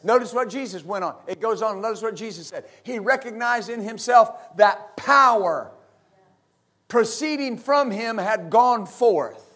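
A middle-aged pastor from West Texas, preaching a fervent sermon full of amens and hallelujahs. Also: male voice, high voice, expressive, measured pace, fairly bright tone.

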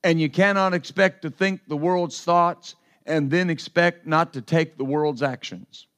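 A man with a notably high voice preaches a sermon as pastor. He drives points home with repetition and asks his listeners to respond. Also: unhurried, a bit bright. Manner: repetitive, emphatic preaching with call-and-response asides.

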